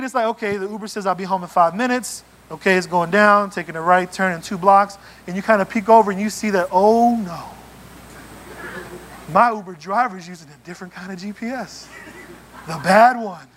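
A man preaching a sermon in a church, animated and playful, acting out little scenes as he goes. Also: high-pitched, slight background noise. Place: church sanctuary.

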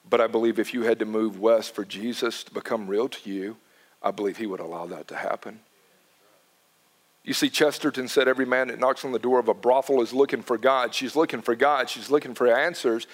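A male pastor preaching a sermon, telling a story with animated delivery, often stumbling over repeated words and dropping soft for emphasis. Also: medium pitch, brisk.

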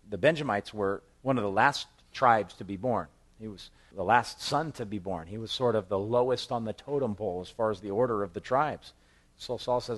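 A man preaching verse by verse through a Bible passage in a relaxed, conversational way, breaking into animated voices for the people he quotes and chuckling at his own asides. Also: lowish voice, moderate pace, husky. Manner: quotes scripture with lively acted voices. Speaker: pastor. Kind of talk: expository Bible teaching.

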